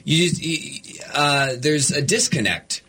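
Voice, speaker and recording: A man's voice: on the high side, a little slow, vocal fry, husky. A man from northern Minnesota hosting a radio talk show in a studio, chatting casually with many hesitations. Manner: relaxed, chatty, hesitant with frequent uhs.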